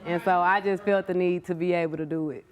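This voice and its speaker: A woman's voice: fairly low pitch, fairly even intonation, fast talker, crowd noise. Giggly Memphis woman in a TV studio. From Memphis, USA. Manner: laid-back, giggly, casual slang. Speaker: guest rapper. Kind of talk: casual interview talk. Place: TV studio with live audience. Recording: studio with audible audience and noise.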